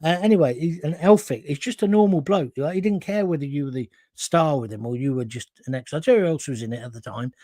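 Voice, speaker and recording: A man's voice: a little high, fast, hardly any pauses, warm tone, no echo. A man hosting a live talk show, reading out viewer comments and rambling through anecdotes on a close mic. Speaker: host.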